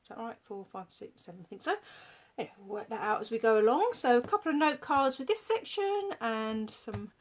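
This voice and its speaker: A woman's voice: on the high side, big pitch swings, brisk. A woman demonstrating papercraft in a live-streamed tutorial, chatting and thinking aloud as she works and greeting viewers by name.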